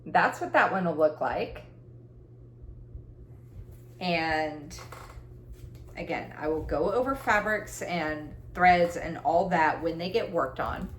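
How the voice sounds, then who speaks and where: A woman's voice: deep voice, animated, slow, long pauses, roomy sound, a little hiss or hum. A woman talking casually about her cross-stitch projects, rambling and chatty, with self-deprecating laughs. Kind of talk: casual chat. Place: room at home.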